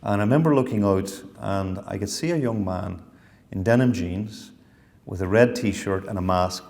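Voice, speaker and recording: A man's voice: lowish voice, normal speed, creaky, a little mellow. A middle-aged man, telling a personal story in a reflective lecture. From Ireland. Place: university lecture hall. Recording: long hall reverb.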